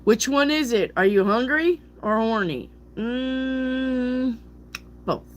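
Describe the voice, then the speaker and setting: A woman's voice: high voice, lively intonation, slow pace, slight background noise. A woman tarot reader chatting casually with her viewers on a stream, bawdy and joking, laughing often. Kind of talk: casual live-stream chat.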